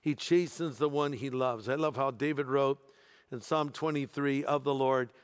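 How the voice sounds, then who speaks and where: A man's voice: mid-range voice, steady tone, moderate pace, clean tone. A man preaching a sermon as pastor, emphatic and explaining scripture, with wry humorous asides. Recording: long reverb of a large hall.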